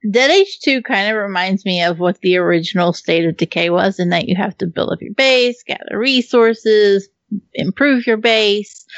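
A woman's voice: medium pitch, creaky, dry recording. Woman reviewing a game, swears a lot, dry muffled mic. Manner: blunt, profane, laughing. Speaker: podcast co-host reviewing games. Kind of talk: casual chat.

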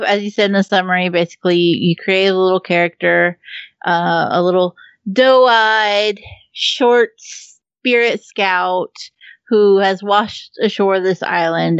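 A chatty woman talking about a game she loves, with frequent laughs, casual swearing and plenty of ums. Her voice is at an ordinary middle pitch for a woman. The recording is dull and muffled, and the sound is dry with no room echo. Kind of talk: casual chat.

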